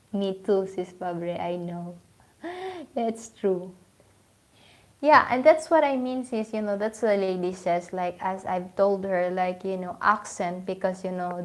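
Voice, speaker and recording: A woman's voice: on the low side, a little mellow. Chatty Filipino-accented woman. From Philippines. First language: Filipino language. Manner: chatty, many fillers and restarts, lots of "you know". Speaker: livestream host. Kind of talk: casual livestream chat.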